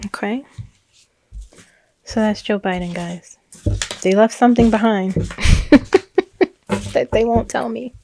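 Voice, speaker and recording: A woman's voice: fairly high pitch, takes it slowly, pauses often, dark tone. A woman, a psychic reader, casually recounting a reading in a chatty, rambling way with frequent laughs and restarts.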